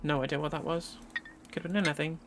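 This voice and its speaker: Fast-talking guy doing a let's play, reading the lines and thinking out loud. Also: fairly high pitch, steady tone, background noise. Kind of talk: game commentary and reading dialogue aloud.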